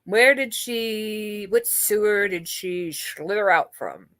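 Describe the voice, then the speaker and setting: A woman's voice: mid-range voice, slow pace, no echo. Gossipy New woman streaming. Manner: gossipy, animated, swears freely, frequent laughs and restarts. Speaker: livestream host. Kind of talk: casual chat with live viewers.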